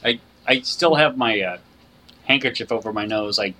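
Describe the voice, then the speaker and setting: Brief: male player, casual and chatty, bright tone. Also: mid-range voice, moderate pace. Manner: chatty, describes actions. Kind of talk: casual tabletop play.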